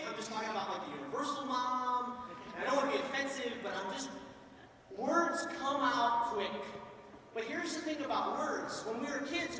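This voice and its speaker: A man giving a joking, sarcastic motivational talk at a school assembly, playing to the students. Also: very high voice. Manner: joking, sarcastic, animated with the crowd. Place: school gym or auditorium. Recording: echoey hall from far off.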